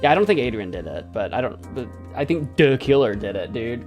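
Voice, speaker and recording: A man's voice: mid-range voice, brisk, hardly any pauses, faint music behind. A man giving casual, joking commentary while playing through a story game. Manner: animated, joking, laughs a lot. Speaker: gaming video host.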